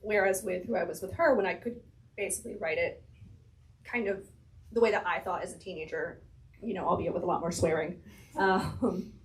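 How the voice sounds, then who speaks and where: A woman's voice: lowish voice, moderate pace, slight background noise, rough recording. A woman chatting as an author guest in an interview, thinking aloud, laughing often, her voice slightly strained. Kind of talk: casual conversational interview.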